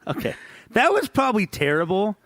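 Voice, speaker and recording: A man's voice: sits high, wildly swooping pitch, fairly quick, a bit bright, no echo, clean studio sound. A man co-hosting a podcast in casual chat, tipsy, rambling, profane and laughing often. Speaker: podcast co-host.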